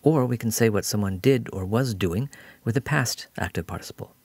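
A man's voice: lowish voice, a little fast, a little mellow, no echo. A man giving a patient, explanatory recorded grammar lesson as a language teacher.

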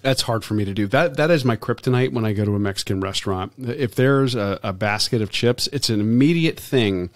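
A man's voice: mid-range voice, a little fast, few pauses, dry recording, clean studio sound. A man co-hosting a podcast, easygoing and agreeable in a casual chat about food. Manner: easygoing, agreeable, repeats words. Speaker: podcast co-host.

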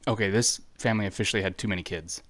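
Low-voiced joking gaming host. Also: male voice, very fast, a bit bright. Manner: joking, chatty, talks to the game characters. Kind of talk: let's play commentary.

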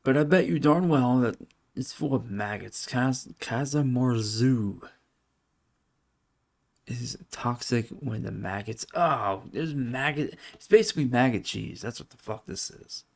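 A man's voice: medium pitch, a little slow, gravelly. A man vlogging casual reaction commentary, blunt and swearing, skimming and reading aloud with open disgust. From United States.

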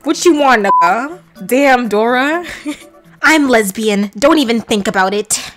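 A young woman narrates her game session in an excited, scandalized rush, laughing and shrieking. Her voice sits fairly high, with soft music playing under her. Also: a little slow. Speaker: gaming vlogger. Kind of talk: excited reaction commentary while playing.

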